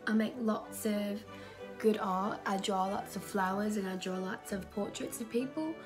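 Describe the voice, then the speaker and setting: A prim female artist who thinks a lot of her own work, as a woman puts her on. She speaks in an affected British accent with a self-important air. Music plays clearly underneath. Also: mid-range voice, a little slow, close to an everyday voice. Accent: British, put on.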